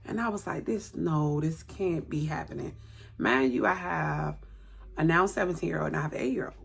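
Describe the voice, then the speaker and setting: Lady vlogging at home, kinda husky low voice, acts out what ppl said, repeats stuff a lot. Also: moderate pace. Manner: repeats words for emphasis, acts out quotes. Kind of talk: emotional personal storytelling. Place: indoors at home, by a light.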